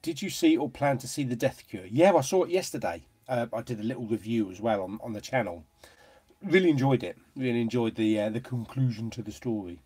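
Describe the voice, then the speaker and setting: A British man chatting casually to viewers on a live stream. He is jokey and talkative, his pitch rising and falling a lot. His voice has a slightly husky edge. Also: animated, brisk, darkish tone. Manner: chatty, jokey, laughs often. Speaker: host of a live chat stream.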